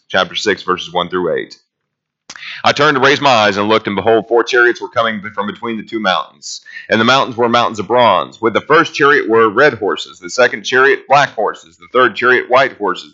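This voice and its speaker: A man's voice: on the low side, sharp tone, muffled recording. A man leading a casual Bible study class, talking through scripture in a conversational, rambling way and reading passages aloud.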